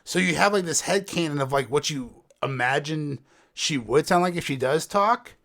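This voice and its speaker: A man co-hosting a casual podcast chat about a TV show, animated and jokey, often trailing off low. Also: moderate pace, gravelly. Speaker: podcast co-host.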